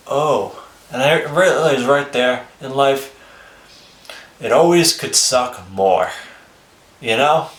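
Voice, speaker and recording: A man's voice: medium pitch, expressive, slow pace, long pauses, a bit bright. A man casually telling his life story on a vlog, rambling and swearing freely, with chuckles between phrases. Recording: roomy echo.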